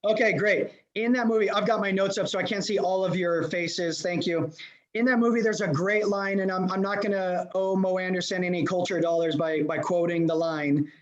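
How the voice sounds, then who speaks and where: High-voiced guy from LA hyping up a room, remote coaching talk, kinda muffled lo-fi audio. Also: moderate pace. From Los Angeles. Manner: energetic, addresses audience directly. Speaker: leadership coach. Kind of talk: motivational seminar talk. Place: remote presentation to a live room. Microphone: video call.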